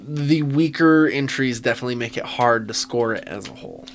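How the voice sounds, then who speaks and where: A man's voice: mid-range voice, brisk, slight background noise. A man co-hosting a casual movie review podcast, swearing freely, laughing often and restarting his sentences. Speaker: podcast co-host.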